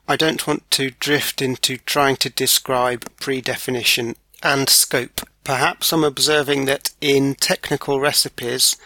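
A man hosting a solo podcast, talking in a measured, wry and thoughtful way. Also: mid-range voice, bright, forceful tone, no room sound. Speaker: podcast host. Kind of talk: reflective solo podcast monologue.

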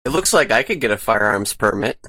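Hesitant man with a bright, dry voice. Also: on the low side, very animated, brisk, husky, no echo. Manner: earnest, hesitant, repeats words. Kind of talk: casual group chat.

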